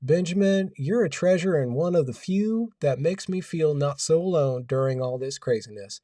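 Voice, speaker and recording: A man's voice: a little high, animated, moderate pace, warm tone, dry recording, studio quality, distant mic, close to an everyday voice. A man voicing a grateful adult male viewer, reading a chat comment in a put-on accent.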